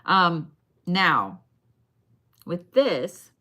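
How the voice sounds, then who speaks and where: A woman's voice: fairly low pitch, very animated, drawn-out words, pushed and bright. A woman giving bone readings on a live stream in a casual, chatty way, swearing now and then and talking straight to her viewers. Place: her shop.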